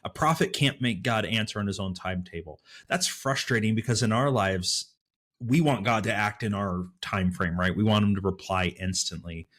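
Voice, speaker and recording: A man co-hosting a casual Bible study podcast, talking in a thoughtful, animated way with frequent fillers. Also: fairly low pitch, normal speed. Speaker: podcast co-host.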